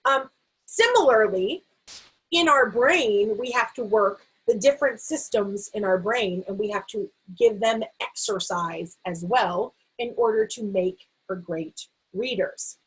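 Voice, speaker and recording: Husky-voiced woman explaining reading instruction. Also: on the high side, fairly bright tone, poor audio. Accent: American. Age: middle-aged. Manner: explanatory, with frequent fillers and restarts. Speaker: literacy educator. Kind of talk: explaining a teaching framework.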